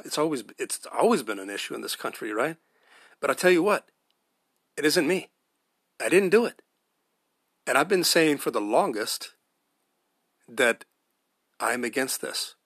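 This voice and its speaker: A man's voice: fairly high pitch, a bit bright, husky, no echo, studio quality. A man delivering an impassioned monologue, emphatic, with rhetorical questions and repeated phrases. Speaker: commentator.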